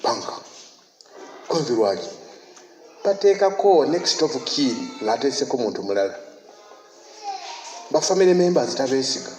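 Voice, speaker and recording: Lively preaching pastor in an echoey hall. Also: male voice, medium pitch, brisk, pauses often. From Uganda. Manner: animated preaching with laughs and shouted emphasis. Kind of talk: sermon. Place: church. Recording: echoey church hall, faint noise.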